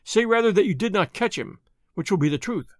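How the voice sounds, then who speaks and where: A man voicing a bold masked highwayman who speaks in a lofty, commanding, scornful way in a storybook reading. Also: animated, fairly quick, no room sound, clean studio sound.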